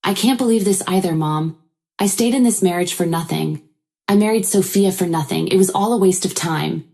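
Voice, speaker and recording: A woman's voice: lowish voice, moderate pace, dark tone, natural voice. A woman voicing a greedy, scheming husband who talks in a blunt, scornful way.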